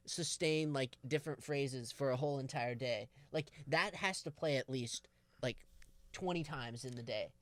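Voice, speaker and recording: A man's voice: medium pitch, moderate pace, no room sound. A man co-hosting a podcast in casual chat, hesitant and laughing easily. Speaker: podcast co-host.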